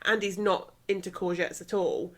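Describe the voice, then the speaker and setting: A woman's voice: fairly low pitch, flat delivery. Chatty woman swapping anecdotes. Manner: chatty, anecdotal, quick to laugh. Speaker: podcast co-host. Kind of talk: casual chat.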